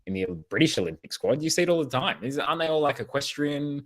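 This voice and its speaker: A man's voice: on the high side, animated, quick pace, fairly bright tone. A man with an Australian accent co-hosting a podcast in casual chat, joking and rambling and often laughing. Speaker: podcast co-host.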